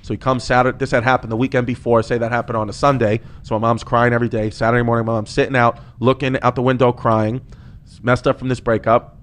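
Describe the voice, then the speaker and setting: Brief: male comedian, casual podcast storyteller, animated and profane, restarts a lot. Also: mid-range voice, fast.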